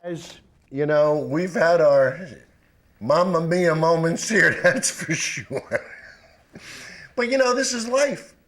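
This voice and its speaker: A man's voice: fairly high pitch, slow, pauses often, a bit bright. A man hosting a live public-access TV show, rambling and apologetic, with fillers and nervous laughs.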